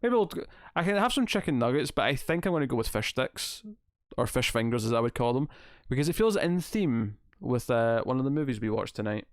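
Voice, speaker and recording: A man's voice: medium pitch, very animated, a little fast, no echo, clean studio sound. A man hosting a casual livestream, chatting and reading out viewer comments in a rambling, self-amused way. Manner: rambling, chatty, laughs at himself. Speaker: livestream host.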